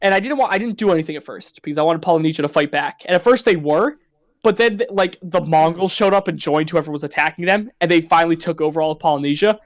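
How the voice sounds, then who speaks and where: A man's voice: a little high, fast, no echo. A young man chatting casually on a stream, telling game stories loosely with lots of fillers. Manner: loose, filler-heavy storytelling. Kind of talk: casual gaming chat.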